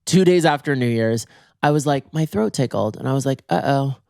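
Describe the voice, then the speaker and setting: A man hosting a podcast in a comic monologue, theatrical and swinging his pitch for emphasis, slightly hoarse from being sick, recorded in bed at home. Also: brisk, darkish tone, dry recording, clean studio sound. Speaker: podcast host.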